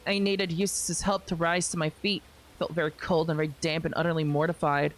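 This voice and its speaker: A young woman streamer reading a visual novel aloud, expressive, with wry asides. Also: deep voice, a little fast, a little hiss or hum.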